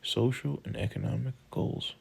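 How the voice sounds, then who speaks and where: A man narrating a textbook audiobook, reading list items in a slow, measured way. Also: mid-range voice, gravelly, slightly rough, poor audio.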